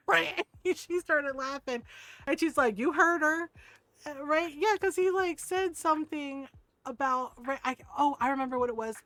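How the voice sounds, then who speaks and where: A woman's voice: high voice, moderate pace, a bit bright, no room sound. A middle-aged woman streaming a game, chatting casually and telling stories, laughing often, swearing, and acting out the people she quotes. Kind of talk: casual storytelling chat while gaming.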